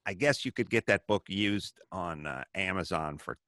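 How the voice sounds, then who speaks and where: A middle-aged man hosting a talk show, telling stories in a casual, animated way, acting out the people he quotes and swearing freely. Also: deep voice, moderate pace, no room sound, studio quality. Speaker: podcast host. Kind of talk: casual storytelling chat.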